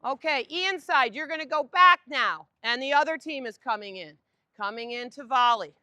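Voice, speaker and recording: A woman coaching a group on an outdoor tennis court, giving lively directions and asking the group questions. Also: high voice, normal speed, no echo.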